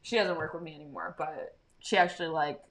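A young woman co-hosts a casual podcast chat. Her voice is bright and forceful, and her stories tumble out full of swearing and animation. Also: sits low, brisk. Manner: profane, animated storytelling. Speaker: podcast co-host.

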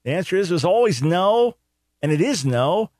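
Emphatic higher-voiced male radio host. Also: very animated, normal speed, darkish tone, dry recording, studio quality. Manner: emphatic, rhetorical, repeats phrases for stress. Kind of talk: opinionated call-in radio commentary.

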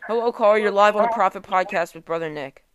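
Lightly acting, a woman with a quick, mid-range delivery portrays a prudish Mormon boy of fifteen who runs a call-in podcast and gets flustered scolding callers, all as a comedy skit.

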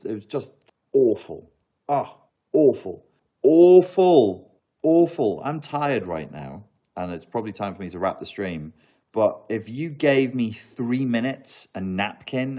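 A man with a fairly low voice, talking casually to his livestream audience. He answers chat questions and slides into animated rants, hammering the same words over and over. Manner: animated ranting with emphatic repeats.

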